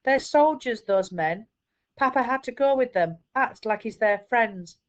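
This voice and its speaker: A desperate young mother from a storybook, calling out urgently with a raised, higher voice. A woman voices her while reading aloud. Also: lively intonation, unhurried, highs cut off. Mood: anguished.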